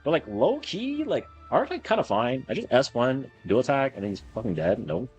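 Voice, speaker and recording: Excitable young man chanting over gameplay. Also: medium pitch, slightly rough. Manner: excitable, chants words rapidly over and over, swears freely. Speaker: game streamer. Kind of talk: casual live gameplay commentary. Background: faint game music.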